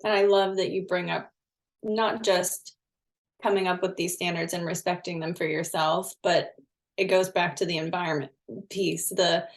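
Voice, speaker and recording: Woman co-host, vocal fry, reflective and meandering delivery. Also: on the low side, fairly even intonation, moderate pace. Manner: thoughtful, circles back on her words. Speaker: podcast co-host. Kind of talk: podcast conversation.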